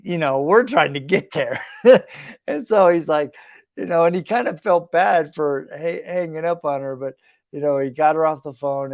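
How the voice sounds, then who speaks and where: A man's voice: mid-range voice, a little mellow, dry recording, studio quality. A middle-aged man hosting a podcast, telling a heartfelt personal story in an earnest, reflective, conversational way. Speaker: podcast host.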